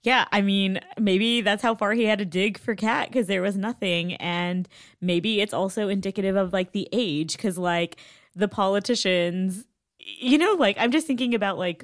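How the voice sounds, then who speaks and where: A young woman co-hosting a podcast in casual chat, animated and blunt, laughing easily. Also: medium pitch, normal speed, no room sound, clean studio sound. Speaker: podcast co-host.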